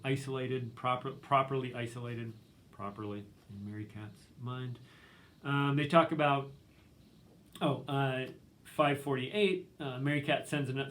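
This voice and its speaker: A man's voice: mid-range voice, a bit bright, slight background noise. A male literature professor giving a recorded lecture in a casual, conversational way, full of ums and likes, reading quotes aloud.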